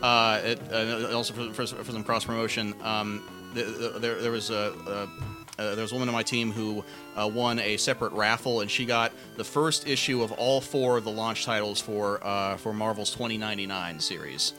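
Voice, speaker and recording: A man's voice: fairly low pitch, steady tone, normal speed, music in the background. A man co-hosting a podcast, telling rambling stories in casual chat with frequent stammers and restarts. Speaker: podcast co-host.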